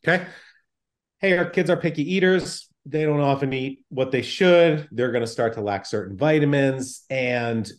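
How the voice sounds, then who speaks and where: A man's voice: mid-range voice, moderate pace. A man speaking as a doctor in an interview, explaining things in an emphatic, plain-spoken way.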